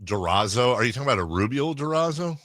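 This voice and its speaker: Brief: male sports radio host, animated and riffing, crisp bright tone. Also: medium pitch, fast talker, dry recording, clean studio sound. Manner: animated, riffing, laughs often. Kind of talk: casual sports talk radio.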